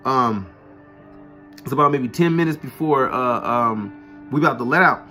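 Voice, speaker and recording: Soft music plays behind a vlogger whose bright, forceful, medium-pitched voice moves at normal speed. He casually swears his way through a tale from school, leaning on street slang and the phrase "you know what I'm saying."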